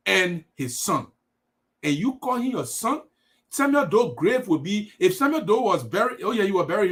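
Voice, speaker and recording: A man with a Liberian English accent speaks on a live stream in an emphatic, preachy way, repeating his points. His voice sits high and swoops widely in pitch. He sounds impassioned throughout. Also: fairly bright tone. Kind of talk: impassioned political livestream.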